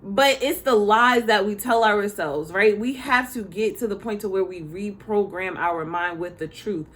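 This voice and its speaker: A woman's voice: mid-range voice, measured pace, fairly bright tone. Woman, medium voice, chatting frank about spirit stuff to y'all, laughs a lot, cusses, real loose. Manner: candid, swears, laughs often, talks straight to 'y'all'. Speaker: spiritual teacher, former schoolteacher. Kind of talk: casual spiritual talk to viewers.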